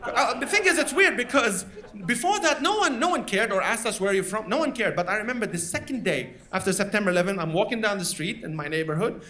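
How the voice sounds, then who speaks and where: A man from Lebanon, doing a stand-up comedy set in a live venue with lively, animated storytelling. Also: sits high, fast talker. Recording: live stage recording, loud audience laughter.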